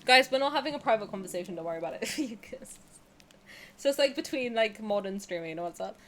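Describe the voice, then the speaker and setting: A woman's voice: medium pitch, expressive, fast, a bit bright, a little hiss or hum. A young woman streamer chatting casually and candidly while she plays a game, joking and swearing freely. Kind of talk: casual live-stream chat while gaming.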